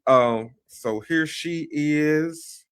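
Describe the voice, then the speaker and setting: A man's voice: fairly high pitch, drawn-out words, smooth. A man hosting a podcast, introducing his guest casually, hesitant and full of fillers. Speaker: podcast host.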